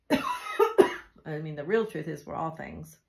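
Tarot reader, woman, low and creaky, loose chatty delivery full of asides. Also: wildly swooping pitch, slow pace, poor audio. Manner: chatty and intuitive, with frequent fillers and asides. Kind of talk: casual tarot love reading.

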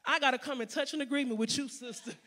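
A woman's voice: high voice, steady tone, fast, fairly bright tone. A woman preacher playing an old priest who is moved and exclaims fervently.

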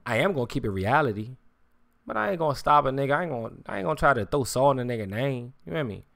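Dry-voiced streamer ranting, swearing freely. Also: male voice, medium pitch, animated, fast talker, vocal fry, a bit bright, no echo. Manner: repetitive, keeps saying "you hear me", swears freely; slang-heavy street talk. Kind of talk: casual live-stream rant.

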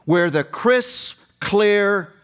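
A man's voice: high-pitched, expressive, very slow, fairly bright tone, clean tone. A middle-aged man preaching a passionate sermon with emphatic repetition, addressing seminary students. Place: seminary chapel.

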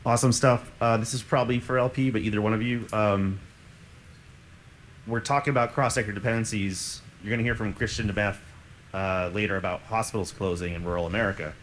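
A man with a somewhat low voice moderates a conference session. He frames a long question with pauses and fillers. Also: fairly even intonation, fairly bright tone, slight background noise, low-quality recording.

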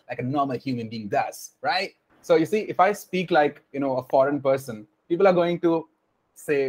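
A man's voice: medium pitch, lively intonation, fairly quick. Patient young man teaching on a video call. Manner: explaining patiently, repeating points, many fillers. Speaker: online class instructor.

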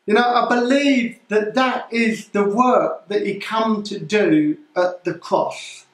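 A man, a pastor, preaching a sermon in the form of a solemn live news report, with halting restarts. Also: sits high, echoey room, low-quality recording.

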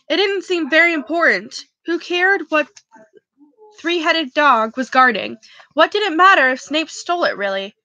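A woman reads a novel aloud in a casual, unpolished way, stumbling and restarting now and then. Her voice is high and bright. The sound is close and dry. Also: no echo, rough recording. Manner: casual reading with slips and restarts. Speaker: reader.

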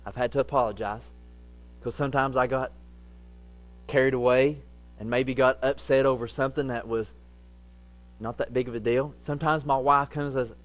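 Middle-aged guy preaching, animated, slips into little voices for stories. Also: medium pitch, brisk, pauses often, low-quality recording. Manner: animated, acts out quoted voices. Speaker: pastor. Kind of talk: sermon.

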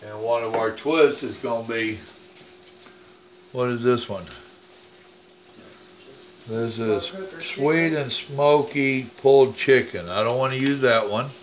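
A medium-pitched older man hosts a home cooking vlog, taking his time with long pauses as he rambles in a folksy, plain-spoken style. Slight background noise mixes with the roomy sound of the kitchen, recorded by a camera placed at a distance.

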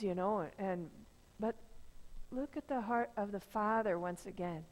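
A woman's voice: medium pitch, moderate pace. A woman pastor giving a conversational sermon, acting out the voices of the people in her story. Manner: conversational preaching, acts out quoted voices. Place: church sanctuary. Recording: long reverb of a church sanctuary.

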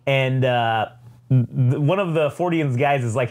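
A man's voice: medium pitch, moderate pace, darkish tone. A man co-hosting a podcast, casually recapping a comic in a rambling, profane way. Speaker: podcast co-host. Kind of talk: casual chat.

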